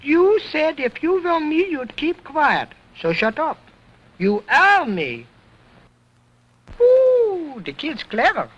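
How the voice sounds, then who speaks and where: A man's voice: extremely high pitch, big pitch swings, unhurried, a little hiss or hum, voice pushed up, heavily acted. A man voicing a cheeky little boy ventriloquist dummy, wisecracking in broken English, on a dull lo-fi old recording. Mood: sassy.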